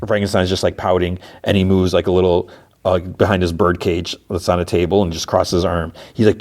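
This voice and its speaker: Low-voiced male podcast host, loose and rambling, retelling a story. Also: little pitch movement, a little fast, a little mellow. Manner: rambling, filler-heavy storytelling. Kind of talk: casual episode recap.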